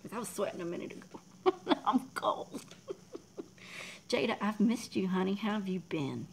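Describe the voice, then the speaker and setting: A woman, chatting casually on a livestream, emotional and soft, often dropping to a near whisper as she thanks viewers in chat. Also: medium pitch, very animated, unhurried, creaky, a little hiss or hum, poor audio. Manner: emotional, talks softly, drops to near whispers. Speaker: livestream host.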